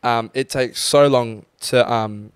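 A man's voice: medium pitch, steady tone, takes it slowly, clear, resonant tone, no echo, studio quality. A young man, co-hosting a casual podcast chat, reflective and hesitant, with many ums. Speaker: podcast co-host.

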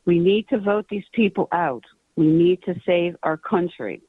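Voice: medium pitch, unhurried, slightly rough, no room sound. A caller leaving an indignant, rallying phone message for a radio show. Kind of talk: recorded phone rant. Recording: dry tinny phone line.

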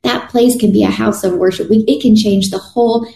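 A woman's voice: mid-range voice, steady tone, a little fast, gravelly, mellow, a little hiss or hum. A woman preaching a sermon in an earnest, conversational way, often restarting her sentences. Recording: echoey room.

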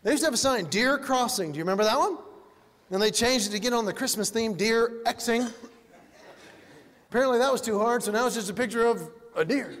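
Male stand-up comic, high voice, animated storytelling, long hall reverb, faint noise. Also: racing. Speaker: stand-up comedian.

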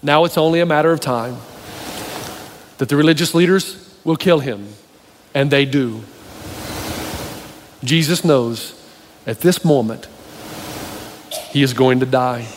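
Speaking at an unhurried pace with frequent pauses, a man with a mid-range voice delivers a sermon as an animated, storytelling pastor who talks straight to his live audience. It's recorded in a reverberant church hall, with faint ambience and a little background noise.

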